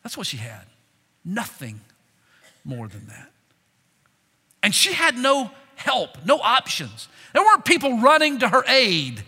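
A man preaching a sermon as a pastor, swinging from loud emphasis down to hushed low tones. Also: wildly swooping pitch, measured pace, pauses often, breathy edge, in a large hall.

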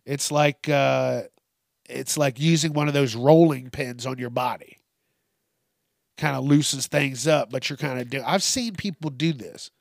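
A man's voice: medium pitch, a little slow, gravelly, no room sound, clean studio sound. A man hosting a solo comedy podcast, rambling loosely with lots of profanity and amusing himself as he goes. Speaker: podcast host.

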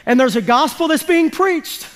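A very high-pitched, slightly bright male voice belongs to a pastor preaching animatedly at a moderate pace. He is emphatic and folksy with his congregation in a church sanctuary, drawing responses, and the audio has a big hall's long reverb.

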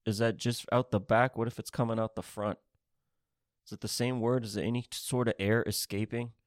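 A man's voice: on the low side, steady tone, fairly quick, dry recording, clean studio sound. A man ranting casually on a podcast, swearing a lot and jumping from one topic to the next. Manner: rambling, swearing, restless, jumps between topics. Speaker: podcast host. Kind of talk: profane comedic rant.

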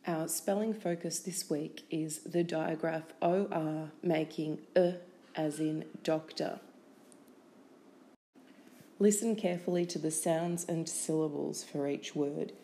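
A woman's voice: sits low, warm tone, slight background noise. A woman teaching a spelling lesson, carefully sounding out words one by one. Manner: careful, clearly enunciated, breaking words into sounds and syllables. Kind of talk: slow, deliberate spelling lesson.

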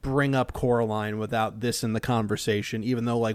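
A man's voice: on the low side, steady tone, brisk, no echo. A man in a casual podcast chat, jokey and sarcastic, trading playful remarks. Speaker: podcast co-host.

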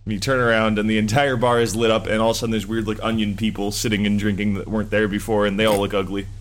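A man's voice: on the low side, level tone, quick pace. A man co-hosting a podcast, rambling through a casual chat with a laughing, sarcastic manner.

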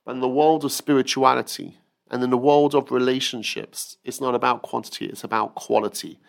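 A man's voice: mid-range voice, fairly even intonation, brisk, gravelly. A man giving an earnest weekly Torah talk who tells stories and acts out the quotes. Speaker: rabbi teacher.

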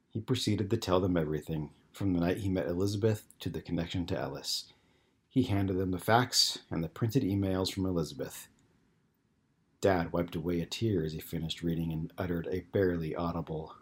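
Husky deep-voiced male narrator. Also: moderate pace. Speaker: audiobook narrator. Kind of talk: scripted narration.

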